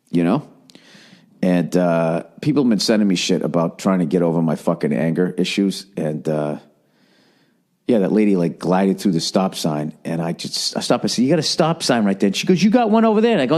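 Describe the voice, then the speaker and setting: A man's voice: medium pitch, a little mellow. A man in his forties hosting a solo podcast, ranting and swearing, then mocking himself. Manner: ranting, profane, self-mocking. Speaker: podcast host. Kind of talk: casual solo podcast monologue.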